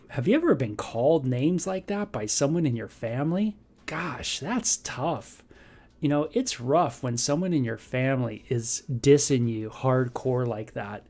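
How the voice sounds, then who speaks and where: Guy doing a laid-back bible devo, mellow voice, lots of "you know", gets fired up sometimes. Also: mid-range voice. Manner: rambling, many fillers, conversational; bursts into animated quoted voices. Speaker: devotional host. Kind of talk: casual devotional Bible talk.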